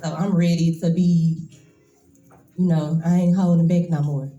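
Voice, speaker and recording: Nervous woman in her 20s talking at a shop event, low mellow voice, roomy echo. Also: little pitch movement, a little slow. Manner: nervous, emotional, casual. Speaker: braider speaking at an event. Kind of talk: nervous personal speech.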